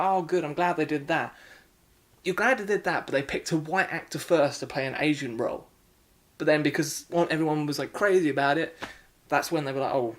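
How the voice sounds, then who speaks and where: Male reviewer, mid-pitched, exasperated and repetitive, casual ranting delivery. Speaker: film reviewer.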